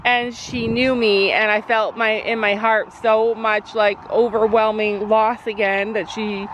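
A woman's voice: a little high, level tone, a little slow, a bit bright, slight background noise, rough recording. A middle-aged woman and mother, chatting in a casual vlog while she stands outside by a horse, rambling through her story with lots of fillers. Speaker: vlogger, mother. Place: outdoors by a horse near a road.

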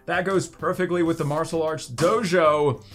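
A man's voice: fairly high pitch, steady tone, normal speed, soft background music. A man hosting a card-opening video, chatting casually and joking as he goes, often swinging his voice up and down. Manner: playful, jokey, swings his voice up and down. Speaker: card-opening channel host. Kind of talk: casual unboxing commentary.

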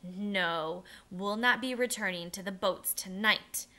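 A woman puts on a burly army captain in a storybook, gruff and pushy, coaxing in a low voice. The voice stays bright and clear underneath. He sounds like he will not take no for an answer. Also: takes it slowly. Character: heavy-set gruff male rebel army captain.

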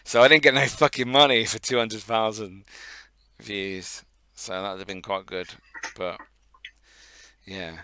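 A man with a Northampton accent co-hosting a casual podcast, relaxed, laughing and swearing freely. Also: on the low side, unhurried, clean tone, no room sound. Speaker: podcast co-host. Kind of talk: casual chat.

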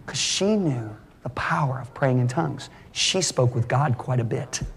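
Animated preacher man in a reverberant hall. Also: normal speed, creaky. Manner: animated storytelling, voice rising high at punchlines. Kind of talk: sermon.

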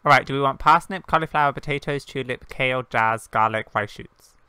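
A woman's voice: extremely low pitch, fairly quick, bright, forceful tone, smooth, no echo. A woman playing a farming game with a friend, teasing and playful as she chats. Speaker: co-op player. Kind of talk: casual co-op gameplay chat.

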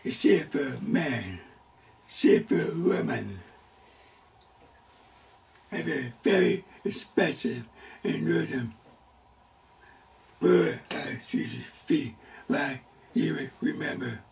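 A man's gravelly, slightly high voice carries a lively intonation as he teaches a Sunday school Bible lesson slowly and deliberately. Halting fragments of speech are broken up by sudden loud exclamations. He's far from the mic, set back in a church classroom.

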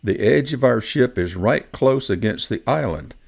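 A man reading the part of a firm, adventurous old male rabbit gentleman in a storybook, in a plain reading voice. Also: mid-range voice, animated, normal speed, creaky.

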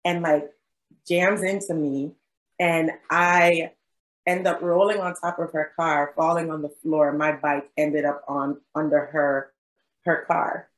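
A woman's voice: sits low, fairly even intonation, takes it slowly, poor audio. A young adult woman, a physician guest, telling a story in a casual interview, acting out quotes and laughing often. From South Jersey.

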